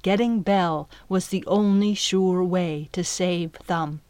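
A woman narrates an audiobook at a measured, steady pace. The recording is close and completely dry, with no room sound around her voice. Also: lowish voice, clear, resonant tone, dry recording.

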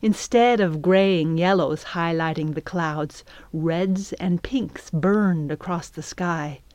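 A woman narrating a children's adventure audiobook in a measured, even storytelling manner. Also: fairly low pitch, dry recording. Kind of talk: scripted narration.

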